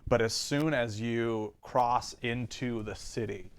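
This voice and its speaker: A man running a tabletop game as game master, narrating casually and often pausing on ums. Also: medium pitch, clear, resonant tone.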